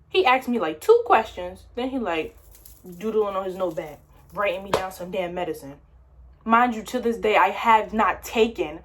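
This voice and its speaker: A young woman telling a personal story to camera in a casual, slangy way. She acts out what she said, with louder, higher bursts. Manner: animated retelling, quoting herself in louder, higher bursts; slangy, conversational. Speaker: vlogger.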